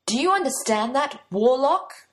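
A woman's voice: mid-range voice, animated, normal speed, close to an everyday voice. A woman reading the part of a stern, haughty young prince who speaks in a commanding way. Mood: imperious. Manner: commanding, imperious.

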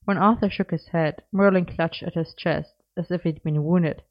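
Female story narrator, low voice, measured; dull lo-fi recording. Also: fairly even intonation. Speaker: audiobook narrator.

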